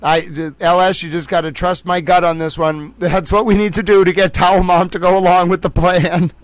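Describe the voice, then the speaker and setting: A man's voice: high voice, flat delivery, moderate pace, no room sound, rough recording. A man hosting a livestream, reading viewer comments aloud and riffing in a playful, rambling way. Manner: playful, rambling, jokey asides to chat. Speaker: livestream host.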